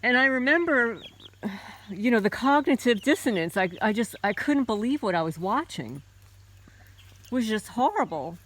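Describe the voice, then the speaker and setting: A middle-aged American woman who runs a homesteading channel shares a personal story in a relaxed, chatty way, with lots of fillers and restarts. Her voice sits a little high, expressive, at a moderate pace.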